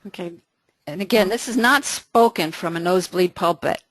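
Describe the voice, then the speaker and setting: A woman leading a casual Bible study talk, conversational and lively, with frequent restarts. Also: on the low side, normal speed, no room sound.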